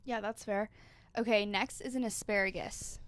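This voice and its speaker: A young woman guest co-host chatting casually, with a medium-pitched voice. She sounds upbeat and cheerful as she keeps the conversation moving. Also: steady tone, moderate pace, a bit bright, dry recording. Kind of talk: casual chat.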